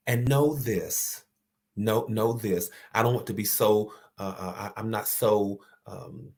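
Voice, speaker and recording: A man hosting an inspirational talk, speaking earnestly and repeating key phrases for emphasis. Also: low-pitched. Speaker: host.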